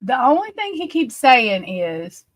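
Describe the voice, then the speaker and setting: A woman's voice: fairly high pitch, big pitch swings, a little slow, no room sound. A woman casually commenting on a crime case, blunt and exasperated, swearing freely.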